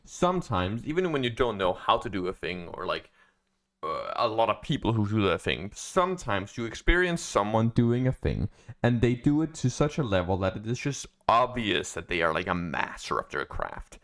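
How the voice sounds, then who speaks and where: A man giving casual, rambling reaction commentary on an album, pausing often and restarting his sentences. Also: fairly low pitch, sing-song, fairly bright tone. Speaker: music reaction YouTuber.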